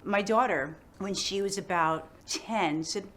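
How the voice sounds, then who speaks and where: A middle-aged woman, an actress chatting casually in an interview, animated and full of "like" fillers. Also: medium pitch, a little slow. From United States.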